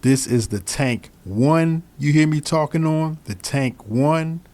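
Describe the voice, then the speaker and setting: A man's voice: on the high side, takes it slowly. A man casually reviewing microphones he switches between, repeating himself and speaking straight to his viewers. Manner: relaxed, repeats phrases, talks straight to viewers. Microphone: studio microphones he switches between.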